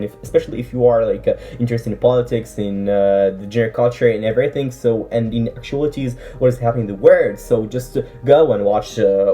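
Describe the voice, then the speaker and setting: A woman's voice: very deep voice, warm tone. A woman whose first language is Arabic gives earnest, encouraging advice in a casual vlog, with many fillers and self-corrections. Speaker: English-learning vlogger.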